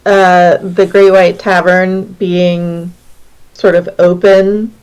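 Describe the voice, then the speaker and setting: A woman's voice: on the low side, level tone, slow pace, a little mellow, smooth, poor audio. A woman playing a tabletop role-playing game, asking questions in a hesitant way. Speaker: player. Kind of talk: casual chat.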